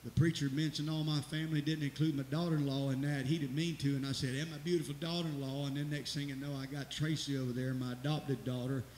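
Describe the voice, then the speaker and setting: A man's voice: medium pitch, level tone, fast talker, few pauses. A middle-aged man, a pastor giving rambling, folksy church announcements and exhortation in a church sanctuary. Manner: folksy, rambling, preacherly, rising to loud exclamations. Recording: echoey church hall with hiss.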